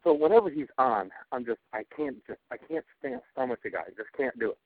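A man's voice: medium pitch, animated, a little fast, dry recording. Man, podcast co-host, profane rant, cranky, tinny phone-like audio. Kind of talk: casual chat.

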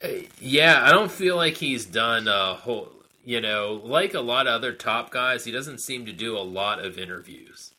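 A man chatting casually as a podcast co-host, unhurried, chuckling and hedging as he talks. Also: mid-range voice, expressive, bright, forceful tone, rough recording. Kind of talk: casual chat.

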